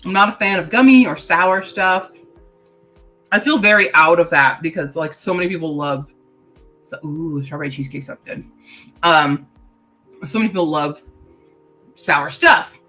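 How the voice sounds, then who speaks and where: A woman's voice: on the low side, normal speed, pauses often, sharp tone, soft background music, poor audio. A woman hosting a casual writing-sprint livestream. She reads chat comments aloud, laughs often and talks while chewing candy.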